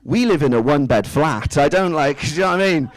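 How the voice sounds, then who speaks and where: Self-mocking stand-up comedian. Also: male voice, on the high side, expressive, a little fast, dry recording, low-quality recording. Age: 30s. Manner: chatty, self-mocking, with rhetorical asides to the crowd. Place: small indoor comedy club stage.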